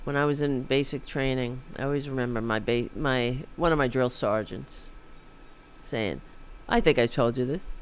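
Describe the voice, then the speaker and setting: A man's voice: medium pitch, normal speed, a little hiss or hum. A man hosting a podcast, delivering a rambling, sarcastic political commentary monologue. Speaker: podcast host.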